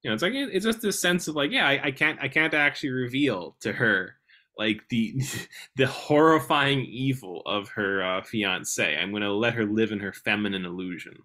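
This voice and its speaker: With a mid-range voice at a moderate pace, a man co-hosts a podcast about a novel. He's lively yet halting, restarting sentences and leaning on fillers, occasionally reading out passages in the casual discussion.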